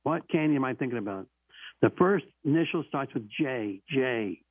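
A radio call-in host with a mid-range voice and lively intonation talks at a moderate pace, telling stories and running a quiz. He's emphatic and keeps repeating key phrases, heard through narrow, phone-like, dry audio with no room sound.

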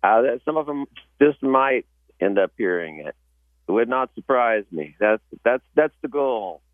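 A man guesting on a radio show as a musician, chatting casually with halting starts and restarts. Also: mid-range voice, animated, dry recording. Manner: halting, many restarts and fillers. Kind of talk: casual interview chat. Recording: dry tinny phone-like sound.

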